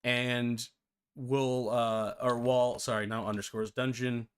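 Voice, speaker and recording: A man's voice: medium pitch, level tone, slow, clear, resonant tone. A man hosting a live-streamed game development tutorial, chatty and self-deprecating, often breaking into laughter.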